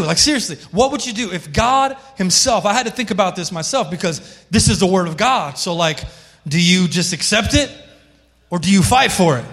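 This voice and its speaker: A male pastor preaching a sermon with passion, calling on people in the congregation by name. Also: sits high. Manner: impassioned, calls on listeners by name. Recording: long hall reverb.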